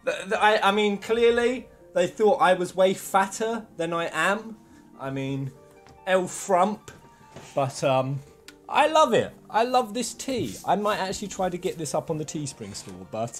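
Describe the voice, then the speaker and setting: A man's voice: a little high, very animated, normal speed, faint music behind. A man hosting a live game stream, playfully joking and chatting with his viewers. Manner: playful, exuberant, joking with chat.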